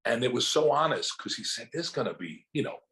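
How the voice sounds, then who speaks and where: A man's voice: medium pitch, a little fast, poor audio. An older man, an actor, telling stories in a casual interview and acting out what others said to him. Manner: animated anecdotes, acting out quotes from others.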